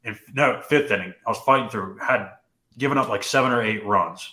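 A young man co-hosting a podcast, telling a personal story in casual chat, animated and full of "dude" and "like". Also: on the low side, a little fast, echoey room. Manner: animated, says "dude" and "like" often. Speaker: podcast co-host.

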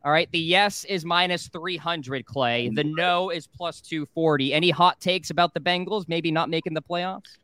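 Male host, smooth tone, dry close sound, brisk panel-runner reading odds. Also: on the high side, sharp tone, dry recording. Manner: brisk, steers the panel with questions. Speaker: sports betting show host. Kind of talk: casual sports talk.

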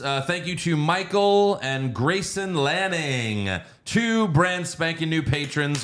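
A man hosting a casual podcast, reading out plugs and recapping matches in a relaxed, matter-of-fact way. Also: on the high side. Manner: laid-back, reads out plugs and recaps matter-of-factly. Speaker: podcast host. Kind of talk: casual chat and show plugs.

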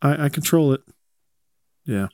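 A man's voice: fairly high pitch, lively intonation, unhurried, a little mellow. A man co-hosting a podcast in a laid-back, rambling casual chat, reading sponsor spots conversationally. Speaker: podcast co-host.

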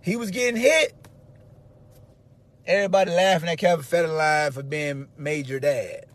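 A man hosting his own sports podcast in a loud, animated, slangy monologue, swearing freely and shouting for emphasis. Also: fairly high pitch, normal speed. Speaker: podcast host. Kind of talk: casual sports talk monologue.

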